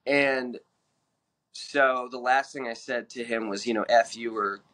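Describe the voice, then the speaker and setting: Frank man telling his story brightly. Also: mid-range voice, fairly even intonation, measured pace. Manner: frank, plain-spoken, many fillers and self-corrections. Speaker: podcast guest sharing recovery story. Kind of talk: candid personal storytelling.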